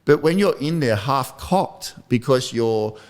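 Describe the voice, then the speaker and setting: A man's voice: mid-range voice, animated, unhurried, darkish tone. A man, hosting a casual motivational podcast and telling rambling, self-deprecating stories. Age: 50s. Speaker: podcast host.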